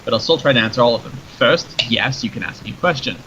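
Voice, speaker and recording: A man's voice: mid-range voice, fast talker, natural voice. Nate, a joking desert rattlesnake, read by a man. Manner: chatty, joking, matter-of-fact. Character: wry talking rattlesnake granting wishes, male. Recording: dull lo-fi with faint noise.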